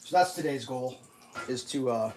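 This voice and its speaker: A man's voice: medium pitch, moderate pace, noisy background. A man chatting casually while cooking breakfast at home, rambling through stories and laughing at them.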